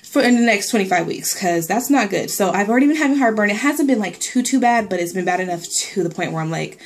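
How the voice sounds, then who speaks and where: A woman's voice: mid-range voice, animated, fast talker. A young woman talks through a casual vlog update in a loose, rambling way, full of fillers. She sounds a little out of breath as she chats. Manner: chatty, rambling, lots of fillers and likes. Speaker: pregnancy vlogger.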